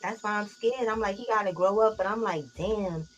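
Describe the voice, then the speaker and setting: A woman hosting a casual live group chat, telling stories in an animated, slangy, profanity-laced way. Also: mid-range voice, brisk, dull audio, a little hiss or hum. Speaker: live stream host.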